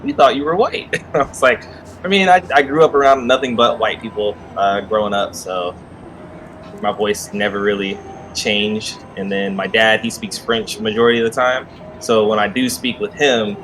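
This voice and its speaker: Easygoing low-voiced American man. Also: fairly even intonation, moderate pace, fairly bright tone, low-quality recording. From United States. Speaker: guest joining a game stream. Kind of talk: casual chat.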